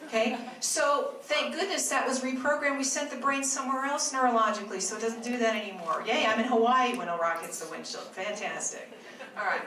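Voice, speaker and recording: A woman health practitioner talks to a live audience, telling her stories in a chatty way with asides to the listeners. Her voice sits fairly high. The mic is some way off in an echoey room with a faint hiss underneath. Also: fairly quick, sharp tone, far from the mic. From Arizona, US. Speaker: health practitioner giving a talk.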